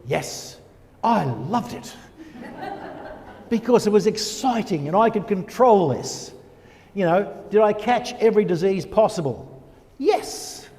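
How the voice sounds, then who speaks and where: An older man giving a personal testimony as a guest speaker, animated and asking himself rhetorical questions. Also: high voice, takes it slowly, pauses often. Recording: long reverb of a church hall.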